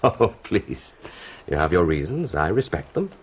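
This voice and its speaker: An actor playing a boastful, hearty French hussar captain in a radio drama, theatrical and quick to laugh. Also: male voice, sits low, very animated, slight background noise. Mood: genial.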